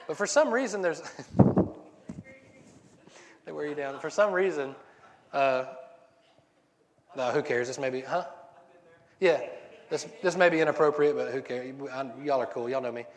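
Male preacher, casual sermon; rambling and joking, slightly high voice, long reverb of a big hall. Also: fairly quick, pauses often. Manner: rambling, self-interrupting, joking.

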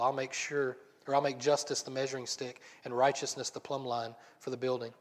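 A man preaching a sermon, reading scripture passages aloud and then explaining them in a relaxed, conversational way. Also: medium pitch, quick pace, hardly any pauses. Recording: long reverb.

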